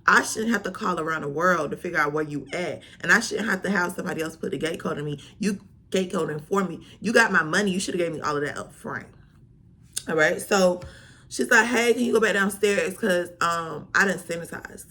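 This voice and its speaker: A woman vlogger tells a storytime in a sassy, animated way, packed with slang. Her voice sits a little low but comes across bright and forceful. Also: a little fast, husky. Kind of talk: storytime vlog.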